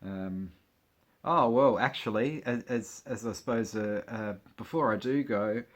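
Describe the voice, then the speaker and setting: A man's voice: fairly low pitch, measured pace. Giggly man chatting casually. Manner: chatty, giggly, joking asides while leafing through a magazine. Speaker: vlogger. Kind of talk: casual chat.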